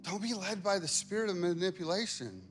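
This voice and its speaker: A man's voice: sits high, lively intonation, brisk, faint music behind. A pastor preaching a sermon in a conversational way, acting out other people's voices as he tells stories. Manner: conversational, acts out quoted voices. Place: church.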